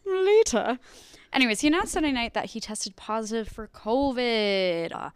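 Chatty young woman, smooth voice. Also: on the high side, animated, moderate pace, no room sound, studio quality. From United Kingdom. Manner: chatty, jokey asides. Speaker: podcast co-host. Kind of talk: casual news chat.

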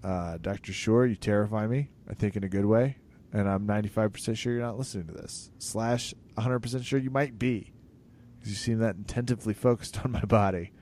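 A man co-hosting a podcast in casual comedic chat, joking and animated, with sudden loud emphasis. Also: lowish voice, brisk, slight background noise. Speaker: podcast co-host.

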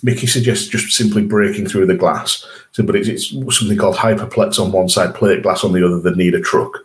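A man's voice: sits low, fairly even intonation, fairly quick, slight background noise. A man co-hosting a podcast, chatting casually about an episode and laughing often. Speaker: podcast co-host. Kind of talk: casual chat reviewing an episode.

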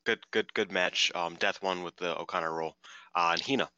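A man's voice: low-pitched, steady tone, normal speed, sharp tone, clear, resonant tone, no echo, highs cut off. A man co-hosting a podcast in casual chat, rambling and swearing freely. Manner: rambling, swears freely, lots of fillers and restarts. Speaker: podcast co-host.

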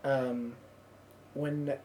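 Low-voiced woman telling a rambling story. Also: flat delivery, extremely slow, warm tone, a little hiss or hum. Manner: rambling storyteller, lots of "like" and fillers. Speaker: podcast host. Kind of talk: casual chat.

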